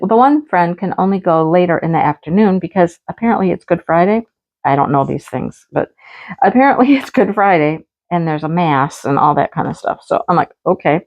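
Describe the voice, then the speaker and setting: A middle-aged woman who works as a teacher chats casually in her craft vlog while crafting, her voice low-ish and a little mellow. She tells a story with lots of laughter and acts out the dialogue, and the lo-fi audio sounds slightly dull.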